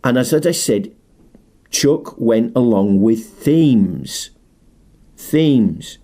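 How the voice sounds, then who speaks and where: A man's voice: medium pitch, animated, very slow, mellow. A middle-aged man presenting a film tribute in a chatty, enthusiastic, rambling monologue. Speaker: martial arts film specialist presenting a tribute. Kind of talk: casual spoken monologue.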